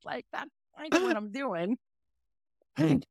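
A woman in her forties hosting a podcast, telling a story in a casual, animated way and laughing often. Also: high-pitched, takes it slowly, vocal fry, no echo, clean studio sound. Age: 40s. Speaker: podcast host.

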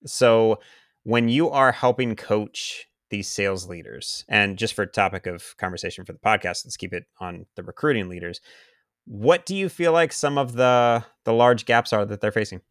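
A man hosting a podcast interview who frames his questions haltingly, with many fillers and restarts. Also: on the low side, no room sound, studio quality. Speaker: podcast host.

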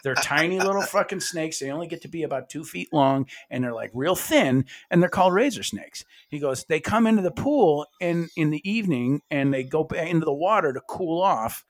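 A man's voice: a little high, brisk, few pauses. A man from the American Midwest, co-hosting a podcast, telling stories in a loose, profane way and acting out the quotes. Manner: animated storyteller, swears freely, acts out quotes. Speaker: podcast co-host. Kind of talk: casual storytelling chat.

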